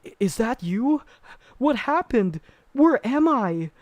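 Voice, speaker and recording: A man voicing the confused ghost of a dead wife, stammering out halting questions. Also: very high voice, very animated, dry recording, pitched above the performer's own voice, heavily acted. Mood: bewildered.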